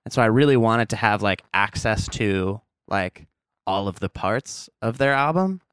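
A man's voice: fairly low pitch, expressive, normal speed, fairly bright tone, smooth, no echo, studio quality. A man being interviewed as a musician guest on a podcast, rambling casually with lots of "like" and easy laughs. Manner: rambling, heavy use of "like", laughs easily. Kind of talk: casual conversation.

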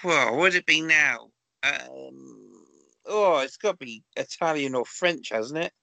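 A man's voice: a little high, takes it slowly, creaky, sharp tone, no room sound. A male radio co-host chatting and guessing answers in casual talk. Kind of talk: radio chat.

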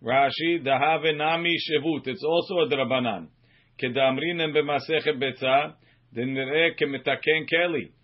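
Rabbi giving a lo-fi Talmud class. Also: male voice, on the high side. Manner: reads Aramaic phrases slowly, then explains in quick English. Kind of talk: Talmud study lesson reading and translating. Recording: muffled lo-fi recording.

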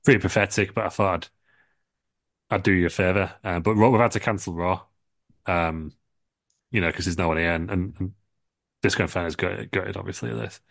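Young man, co-host, rambling comic storyteller, lowish dry voice. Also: steady tone, brisk, vocal fry, pauses often, a bit bright, no room sound. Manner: rambling, restarts, swearing. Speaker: podcast co-host. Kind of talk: comedic storytelling.

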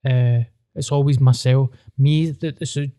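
A man's voice: mid-range voice, steady tone, measured pace, dark tone. A Glaswegian man, a stand-up comedian hosting a podcast, chatting casually, bluntly and with self-mocking swearing. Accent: Glaswegian Scottish.

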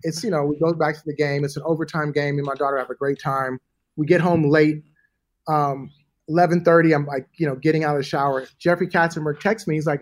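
A middle-aged man telling a story in a casual interview, animated and profane, acting out the people in it. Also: a little high, fast talker. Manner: animated, profane, acts out voices in anecdotes. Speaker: guest.

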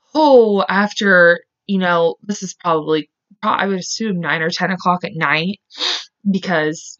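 A woman's voice: lowish voice, fairly bright tone, muffled recording. An American woman hosting a true crime podcast, retelling events in a casual, filler-heavy way and swearing when angry. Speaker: podcast host.

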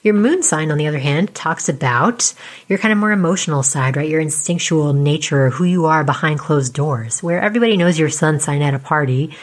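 Quiet low-voiced woman explaining astrology. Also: fairly quick. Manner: chatty, with many fillers and tag questions. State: losing her voice. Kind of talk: casual explanatory talk.

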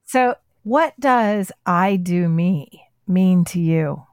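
Slow, effusive woman podcast host. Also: on the low side, lively intonation, a little mellow, smooth, no room sound, clean studio sound. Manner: effusive, enthusiastic. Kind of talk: casual podcast chat.

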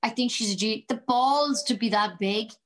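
A woman's voice: on the high side, moderate pace, low-quality recording. An Irish woman, an actress being interviewed, talking about comedy in an exuberant, chatty way and telling a long joke. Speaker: guest actress. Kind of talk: casual interview chat.

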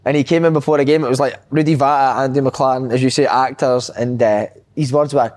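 A man's voice: medium pitch, fairly even intonation, darkish tone. A man with a Scottish accent who hosts a casual football chat, joking and moving between topics. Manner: quick, joking, steers the topics.

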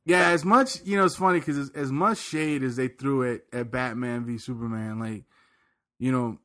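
A man co-hosting a podcast in casual chat, an animated storyteller who laughs often and repeats words as he talks. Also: mid-range voice, moderate pace. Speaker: podcast co-host.

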